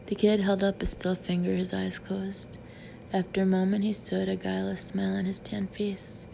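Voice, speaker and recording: A woman narrating a first-person audiobook in a steady, measured way. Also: mid-range voice, gravelly. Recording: slightly dull with faint hiss.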